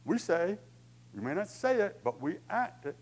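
A man's voice: high-pitched, sing-song, moderate pace, a little mellow, poor audio. Conversational preacher man. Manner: conversational preaching with acted-out inner voices and humor. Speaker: pastor. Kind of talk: sermon.

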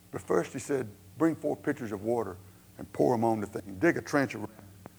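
A man of middle pitch preaching a sermon. He retells a Bible story in a loose, conversational way, with asides and restarts. He acts out prayers, swinging from impassioned pleading to a quiet, hushed voice. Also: brisk, gravelly, breathy edge. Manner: conversational asides and self-corrections.

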